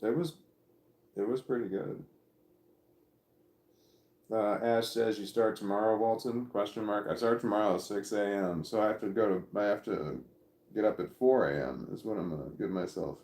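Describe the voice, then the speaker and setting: Low-voiced middle-aged man rambling on a livestream. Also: darkish tone, roomy sound. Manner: halting, rambling, restarts sentences, reads chat aloud. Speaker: livestreamer reading chat. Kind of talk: casual livestream chat. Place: at home.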